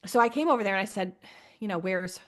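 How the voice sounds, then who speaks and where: A woman's voice: mid-range voice, racing. Laughing woman telling stories. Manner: animated storytelling, laughs often, acts out quotes. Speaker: podcast co-host. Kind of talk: casual chat.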